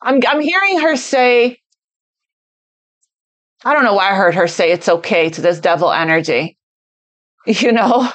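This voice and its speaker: A woman's voice: mid-range voice, lively intonation, measured pace, long pauses, a bit bright. A woman giving an unscripted tarot reading, talking earnestly as if relaying intuitive messages and repeating phrases for emphasis. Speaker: tarot reader. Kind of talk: spontaneous tarot card reading.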